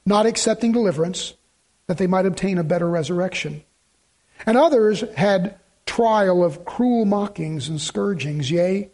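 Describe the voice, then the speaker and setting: A male pastor with a high-pitched voice delivers a sermon. He reads scripture aloud and builds to emphatic, repeated phrases. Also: darkish tone. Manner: preaching with rising emphatic repetition.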